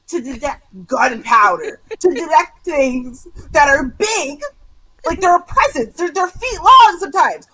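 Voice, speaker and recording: A woman's voice: high voice, sharp tone, low-quality recording. A woman co-host in casual chat, arguing her point with emphatic, incredulous energy.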